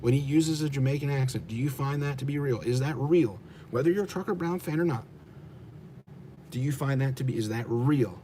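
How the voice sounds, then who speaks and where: A man with an American accent rants on a livestream, blunt, profane and combative, pressing the same questions on his chat again and again. His voice sits mid-pitch with a dark, mellow tone. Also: a little fast, a little hiss or hum. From United States. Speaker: truck driver streamer. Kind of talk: livestream rant answering chat.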